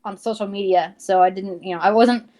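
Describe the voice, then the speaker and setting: A woman's voice: mid-range voice, fairly even intonation, a little fast, dark tone. A young adult woman, a fan artist, chatting as a podcast guest, rambling with lots of fillers and restarts. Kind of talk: casual interview chat.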